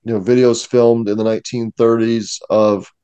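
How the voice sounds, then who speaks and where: This man is a museum curator and a discussion guest who explains things casually, knowledgeably, and steadily. He has a smooth mid-range voice at a moderate pace, and there's no room sound.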